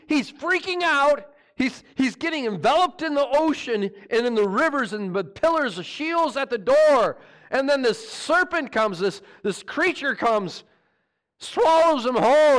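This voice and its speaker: A pastor preaching a sermon, animated and mocking, firing rhetorical questions at his listeners. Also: very high-pitched, measured pace.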